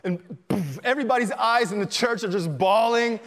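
Pastor guy preaching, acts out the people in his stories, kinda high voice, echoey church hall. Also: moderate pace, fairly bright tone. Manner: storytelling, acts out quoted dialogue. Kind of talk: sermon. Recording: long reverb in a church hall.

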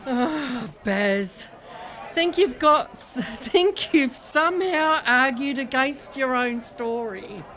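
A woman's voice: sits high, lively intonation, slow, a bit bright, heavily acted. An actress playing Mavis, a skeptical woman who teases the others. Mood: amused. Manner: skeptical, teasing, amused.

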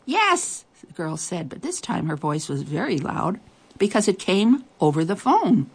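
A woman reading a children's story aloud, expressive and deliberate. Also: fairly low pitch, breathy edge.

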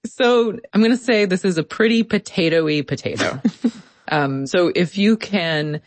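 A woman reporter narrating a radio story in a clear, engaged storytelling manner. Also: fairly low pitch, measured pace. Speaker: contributing editor, reporter.

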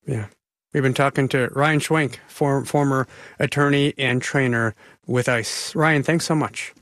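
A man's voice: medium pitch, steady tone, measured pace, fairly bright tone, no echo. A man interviewing a guest on a news program, conversational and stumbling over a word now and then. His voice sits mid-range and the sound is dry. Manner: conversational, with stammered restarts. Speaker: news anchor.

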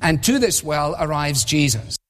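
A man delivers an expository sermon from the pulpit, measured and emphatic, often asking rhetorical questions. His voice sits somewhat high for a man. Long reverb from a large hall trails after each phrase. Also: sing-song, fairly bright tone, slight background noise. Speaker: preacher.

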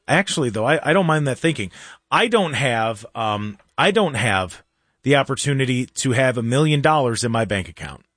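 A man hosting a casual talk show, ranting in an animated way and often restarting or repeating words. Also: mid-range voice, normal speed, dry recording, studio quality. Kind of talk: casual opinionated chat.

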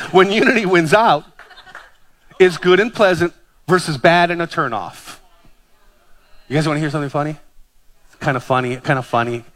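A man in his fifties from Hawaii, a pastor preaching a sermon with animated, self-deprecating stories and jokes. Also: a little high, moderate pace, pauses often. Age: 50s.

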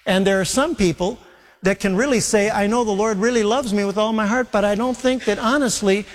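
A man's voice: high-pitched, steady tone, a little fast. A man preaching a sermon as pastor, earnest, often voicing Jesus in his own paraphrase. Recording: long reverb of a large hall.

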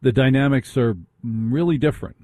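A man's voice: mid-range voice, normal speed, mellow, no echo. A man hosting a radio talk show, ranting through a monologue full of rhetorical questions.

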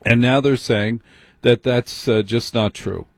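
A man's voice: medium pitch, steady tone, unhurried, dry recording. A man hosting a late-night call-in radio show, teasing his callers bluntly.

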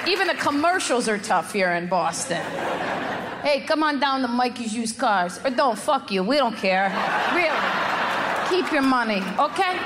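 Female stand-up comic with a high, brash, sarcastic delivery, recorded live in a reverberant hall over a noisy crowd. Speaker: stand-up comedian. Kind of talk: stand-up comedy set. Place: comedy club stage. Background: audience laughter.

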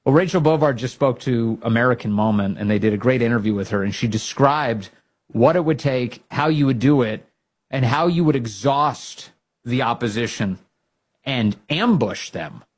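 A man hosting a political talk show, giving emphatic, fired-up commentary that rises to loud exhortations. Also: mid-range voice, lively intonation, normal speed. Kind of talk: opinionated commentary.

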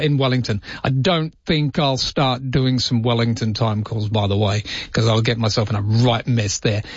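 Male overnight talkback host, friendly and chatty, husky tone, dull radio sound. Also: medium pitch, no echo. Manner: chatty, reads out listener texts and greets callers by name. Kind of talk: late-night talkback radio.

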